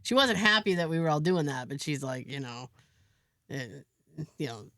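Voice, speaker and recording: In a dry, clean studio recording, a podcast co-host with a deep, slightly bright voice talks at a moderate pace and with animation. She tells a story casually, performing others' lines as she goes.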